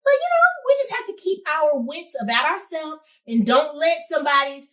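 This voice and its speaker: A young woman hosting a show, giving casual advice to camera in a sassy, animated way and talking straight to her listeners. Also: high-pitched, moderate pace, distant mic. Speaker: host.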